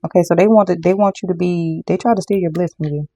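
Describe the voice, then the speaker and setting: A tarot reader does a casual card reading, talking straight to viewers, calling everyone y'all, and repeating lines for emphasis. The voice is gravelly and rough, warm and dark rather than bright, medium-pitched and steady. They talk fast, and the recording is dry.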